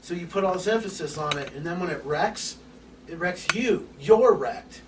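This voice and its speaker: Man, lecturer, animated, casual, higher voice, distant room mic, hissy recording. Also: moderate pace, roomy sound. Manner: animated, swears casually, acts out little scenes. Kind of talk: open forum lecture. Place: room with an audience. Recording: distant mic with background hiss.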